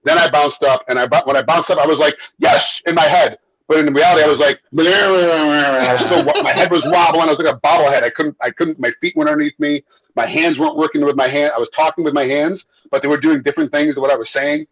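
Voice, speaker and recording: A man who works as a fight referee and once fought himself, telling stories in a casual interview, animated and quick to repeat himself and laugh. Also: a little high, husky, low-quality recording. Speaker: MMA referee and former fighter.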